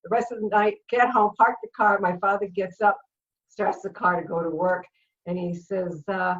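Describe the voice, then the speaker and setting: A middle-aged woman from Rhode Island, a comedian guest telling lively stories with frequent laughter in a casual chat. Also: mid-range voice, moderate pace, far from the mic, muffled recording, a little hiss or hum.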